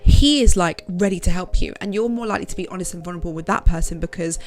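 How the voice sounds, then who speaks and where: A woman's voice: on the low side, fast talker, soft background music. A woman giving frank, direct motivational advice to her viewers in a casual vlog. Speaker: self-help vlogger. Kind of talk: motivational talk to camera.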